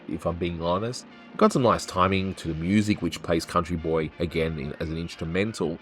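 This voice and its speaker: A man's voice: low-pitched, a bit bright. A man hosting a show, casually reviewing an old cartoon with wry, rambling asides. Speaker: host.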